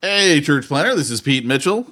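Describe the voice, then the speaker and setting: A man's voice: on the high side, sing-song, moderate pace, over music. A man hosting a podcast, teasing his co-host in mock complaint and laughing often. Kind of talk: casual banter.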